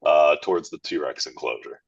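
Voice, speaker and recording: A man's voice: very deep voice, moderate pace, highs cut off. A man playing a tabletop role-playing game, laid-back and swearing casually as he describes his character's actions. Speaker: player.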